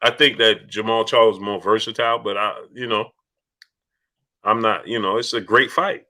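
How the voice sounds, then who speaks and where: A man's voice: fairly low pitch, fairly even intonation, normal speed, sharp tone. A man hosting a casual boxing livestream, reading out super chats and making his points emphatically, often restarting his phrases.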